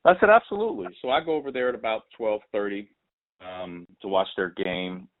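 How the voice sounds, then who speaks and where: A man's voice: lowish voice, normal speed. Man telling a story over a tinny line. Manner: animated, mimics others' voices when retelling a story. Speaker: podcast host. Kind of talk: casual interview storytelling. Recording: tinny phone-like audio.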